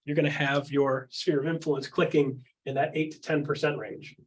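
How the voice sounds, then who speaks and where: A man coaching on real estate in a candid chat, punching his points with quick rhetorical questions and acting out what other people say. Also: medium pitch, little pitch movement, breathy edge. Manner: acts out quotes in other voices.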